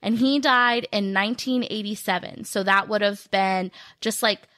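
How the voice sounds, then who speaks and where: A woman's voice: medium pitch, normal speed, a bit bright, dry recording. A woman podcast co-host, telling spooky movie stories in casual chat with many fillers.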